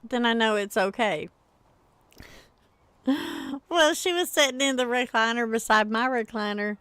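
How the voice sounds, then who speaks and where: A woman's voice: fairly high pitch, fairly bright tone, clean tone, dry recording. A middle-aged woman, chatting casually with viewers on a gaming livestream and laughing often as she tells a story.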